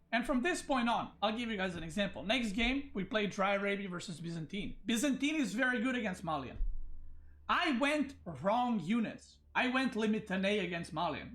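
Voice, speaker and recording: This esports streamer has a high, fairly bright voice. In a livestream rant he's venting furiously over a referee decision he thinks was unfair, tripping over his words and starting over again and again.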